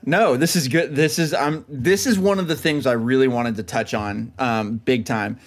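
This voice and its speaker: A man's voice: medium pitch, moderate pace. Enthusiastic podcast co-host man. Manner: enthusiastic, laughs often, says dude. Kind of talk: casual chat about films.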